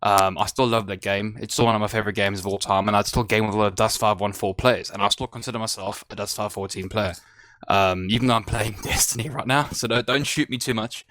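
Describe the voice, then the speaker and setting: A man's voice: fairly low pitch, fairly even intonation, fast, fairly bright tone, no echo. A man on a gaming podcast panel, talking in a loose, rambling way with lots of "um" fillers and slangy asides. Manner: rambling, many "um" fillers, colloquial. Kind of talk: casual podcast chat.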